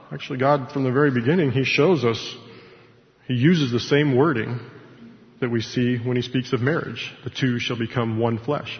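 Man teaching scripture in an echoey hall. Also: mid-range voice. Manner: conversational, with asides and self-corrections. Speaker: Bible study teacher. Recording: echoey hall, dull lo-fi sound.

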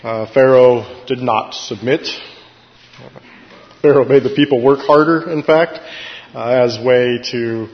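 A man's voice: mid-range voice, steady tone, takes it slowly. A man teaching a Bible study in a casual, explanatory way, with many fillers and self-corrections. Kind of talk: conversational Bible study sermon. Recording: echoey hall, dull lo-fi sound.

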